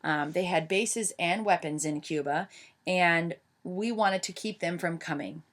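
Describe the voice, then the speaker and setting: A woman's voice: on the low side, measured pace, a bit bright. A woman giving an informal history lecture, chatty, with many fillers and restarts. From United States.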